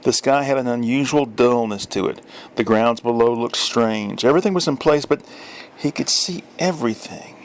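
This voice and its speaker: A man's voice: medium pitch, moderate pace, slight background noise. A man reading a story aloud in a dry, wry storytelling manner with small self-corrections. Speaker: story reader. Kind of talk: audiobook narration.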